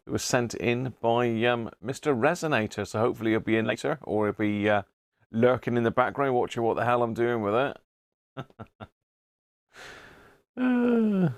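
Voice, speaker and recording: A middle-aged British man with a gravelly edge to his voice, chatting casually as he hosts a live stream. He greets viewers one by one and chuckles often. The sound is dry and close, with no room echo. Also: medium pitch, lively intonation, normal speed, pauses often. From Britain. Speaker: live-stream host, radio restorer.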